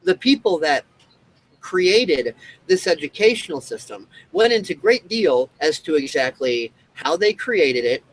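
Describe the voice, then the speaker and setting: A man's voice: fairly high pitch, sing-song, a little slow, poor audio. A man hosting a show, ranting in a rambling monologue full of fillers and restarts. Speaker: show host.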